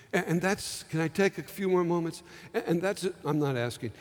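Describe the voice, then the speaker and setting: A male pastor preaching a sermon, slowing down for dramatic emphasis and acting out heartfelt quoted pleas. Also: on the high side, big-room sound.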